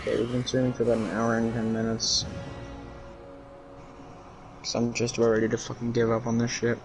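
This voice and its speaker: A man's voice: mid-range voice, completely flat delivery, brisk, music in the background, poor audio. A man streaming a video game, ranting about it in profane, frustrated commentary. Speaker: gaming streamer. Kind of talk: casual livestream commentary.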